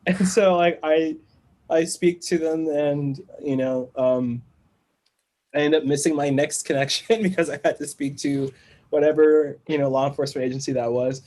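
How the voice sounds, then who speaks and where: A man guesting on a podcast, telling a long story in a casual, animated way and acting out the other people in it. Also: on the high side, moderate pace, low-quality recording. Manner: animated storyteller who acts out quoted voices and laughs between lines.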